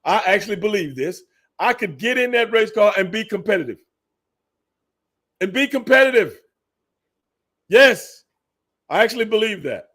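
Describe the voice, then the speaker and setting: A middle-aged man with a Texan accent, hosting a casual podcast chat and telling stories with lots of laughter and sudden excited high bursts. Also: fast. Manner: animated storyteller, laughs often, jumps into high excited bursts. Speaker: podcast host.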